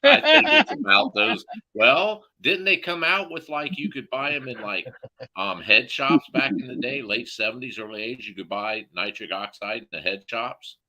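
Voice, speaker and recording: Bright-voiced man telling rowdy stories. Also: mid-range voice, expressive, moderate pace. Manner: profane, laughing storyteller. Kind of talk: casual chat.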